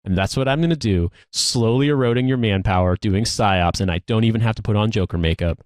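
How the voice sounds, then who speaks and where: A man in his thirties with a fairly low voice, co-hosting a casual podcast and spinning long rambling stories. He restarts sentences often and circles back on himself. The sound is dry and close. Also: brisk, dry recording. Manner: rambling storyteller, frequent restarts. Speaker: podcast co-host, army veteran.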